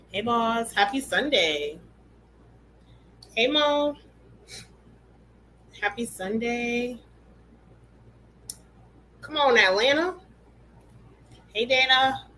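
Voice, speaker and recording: A woman hosting a hair care class on a live stream, chatting casually and greeting each viewer by name with relaxed slang, speaking from an indoor room. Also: a little high, slight background noise, poor audio. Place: indoor room with air conditioning.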